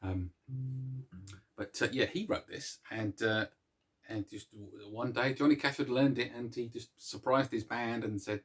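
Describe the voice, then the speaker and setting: A man's voice: medium pitch, a little slow, fairly bright tone, slightly rough. A man hosting a casual music show, chatting to viewers in a rambling, self-mocking way, with plenty of restarts. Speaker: host of a music series.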